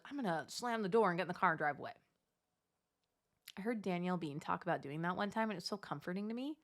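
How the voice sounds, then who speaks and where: A woman in her thirties talking casually to her audience as a coach, acting out inner self-talk with sudden jumps in pitch. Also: a bit bright. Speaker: Catholic mom coach. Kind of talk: casual advice monologue to camera.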